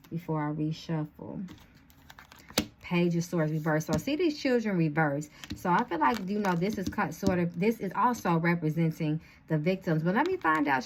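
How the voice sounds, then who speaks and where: A woman's voice: lowish voice, background noise. A woman reading tarot cards to her viewers in a casual chatty way, with a slight lisp from dental retainers. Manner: chatty, addresses viewers as y'all, thinks aloud. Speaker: tarot reader.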